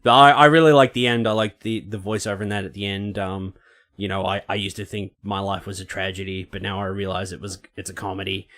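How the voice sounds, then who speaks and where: A man's voice: lowish voice, fast talker. A young man, co-hosting a casual podcast chat and swearing freely. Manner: swearing, animated impressions of celebrities. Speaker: podcast co-host.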